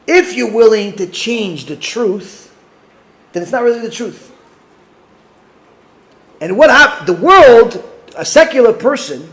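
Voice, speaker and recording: A man teaching as a rabbi, telling a story with animated quoted voices and using Hebrew religious terms in English. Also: very high-pitched. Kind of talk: Torah class.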